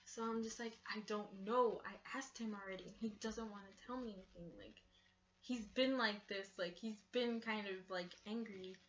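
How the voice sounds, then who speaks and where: A woman's voice: mid-range voice, normal speed, slight background noise. A young woman telling a story in a casual, chatty way, full of fillers and swearing, on a dull lo-fi recording. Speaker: vlogger. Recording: dull lo-fi sound.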